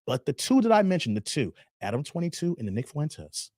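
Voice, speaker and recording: A man's voice: on the high side, big pitch swings, fairly quick, darkish tone, no room sound, studio quality. A man hosting a livestream commentary, emphatic and rambling, who repeats himself and uses a lot of slang. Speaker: YouTube commentary host. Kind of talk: livestream commentary with donation shout-outs.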